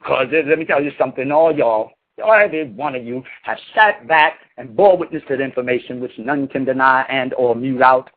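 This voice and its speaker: A spiritual leader with a mid-range voice scolds his followers emphatically, using slang and plenty of cursing. He talks at a moderate pace with few pauses, and the audio is tinny, like a phone.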